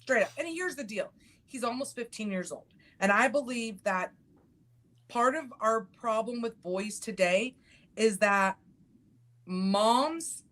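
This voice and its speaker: Middle-aged woman host, medium pitch, blunt and profane, acts out quotes. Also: fairly bright tone. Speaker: podcast host. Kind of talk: casual chat.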